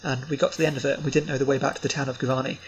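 A man co-hosting a film podcast, opinionated and animated, his voice jumping up in pitch when he rants. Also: rapid-fire, slight background noise, low-quality recording. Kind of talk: casual film review chat.

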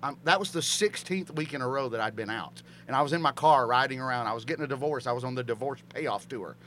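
A man's voice: mid-range voice, slight background noise. A middle-aged man, a stand-up comedian, telling a profane story in casual chat and voicing the people in it. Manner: fast, profane, animated storytelling with voiced quotes.

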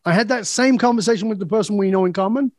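Brief: male guest, higher pitch, blunt and animated storyteller, dry close sound. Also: fast talker, no echo. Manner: blunt, storytelling, acts out quoted dialogue, swears freely. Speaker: podcast guest, leadership speaker. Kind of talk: casual interview conversation.

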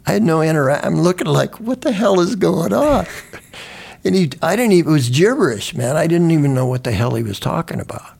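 A man's voice: fairly high pitch, lively intonation, fast, vocal fry, darkish tone. An older man, a veteran guest, telling stories in a rambling, conversational way, often restarting his sentences and swearing now and then. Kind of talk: conversational storytelling.

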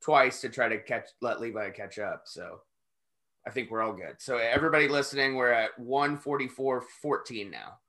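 A man's voice: mid-range voice, normal speed, sharp tone. A man co-hosting a podcast, cracking wry jokes and calling out timestamps in a casual chat. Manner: wry, joking, keeps count aloud. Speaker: podcast co-host. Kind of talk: casual watch-along chat.

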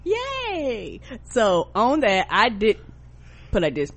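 A woman from the South, co-hosting a podcast in casual chat and acting out quotes with big pitch jumps. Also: expressive, unhurried. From American South. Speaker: podcast co-host.

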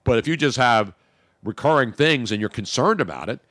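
A man hosting a radio talk show, joking and animated in casual banter. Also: medium pitch, brisk, no room sound, studio quality. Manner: animated, jokey, talks over co-host.

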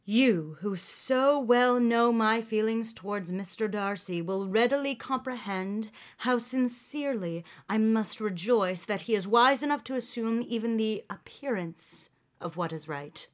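A woman's voice: on the high side, measured pace, lightly acted. A woman voicing a smug, sly young male officer from a period novel, reading a passage in mock-formal old-fashioned phrasing.

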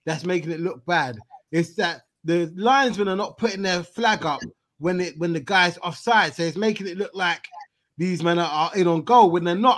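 A man hosting a casual football chat, animated and slangy, reading out viewer comments. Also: on the high side, moderate pace.

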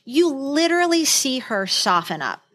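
A woman co-hosting a podcast, casually retelling film scenes in lively detail. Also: high voice, moderate pace. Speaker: podcast co-host.

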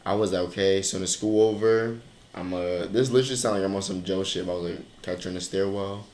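A young man co-hosting a podcast, telling stories in a casual, animated way. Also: sits low, fast talker. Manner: animated storytelling, bursts into laughter. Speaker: podcast co-host. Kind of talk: casual chat. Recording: echoey room with faint noise.

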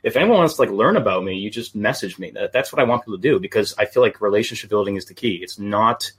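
A man's voice: lowish voice, expressive, fast talker, slightly rough. A male wellness coach being interviewed, talking earnestly in short, plain phrases. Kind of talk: interview talk.

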